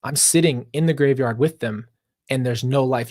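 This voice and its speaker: A sincere man runs a live reaction stream, talking right to the people watching and drifting into extended musings. At normal speed and with a somewhat mellow, ordinary male pitch, he sounds close-miked and dry, free of reverb.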